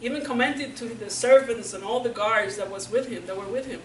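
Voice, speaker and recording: A woman from Puerto Rico preaching a sermon, telling a Bible story in a playful, animated way. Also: on the high side, fairly quick, a little hiss or hum. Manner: animated, playful, acts out characters. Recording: roomy church sound from a distance.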